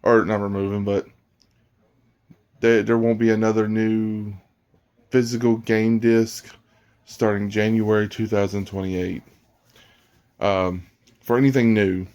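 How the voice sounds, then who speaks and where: A man's voice: fairly low pitch, level tone, a little slow, long pauses, a little mellow, clear, resonant tone. A man vlogging about games in a blunt, rambling casual rant, often restarting his sentences. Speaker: gaming vlogger.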